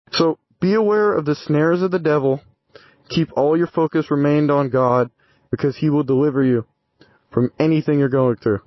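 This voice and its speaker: A man's voice: on the high side, no room sound, highs cut off. A man talking earnestly about his faith in a casual vlog, often restarting his phrases. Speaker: vlogger.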